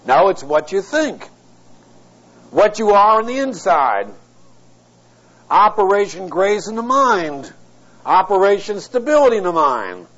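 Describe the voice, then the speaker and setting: A man's voice: high-pitched, fairly bright tone. A middle-aged man preaching an expository sermon, teaching word by word and breaking in with wry, blunt asides. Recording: dull lo-fi tape recording.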